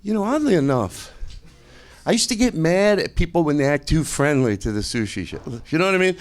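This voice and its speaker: A man's voice: fairly high pitch, very animated, brisk. A man doing an improvised stand-up set on a club stage, rambling and correcting himself as he acts out other people. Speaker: stand-up comedian. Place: comedy club stage with audience. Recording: live club, faint crowd and noise.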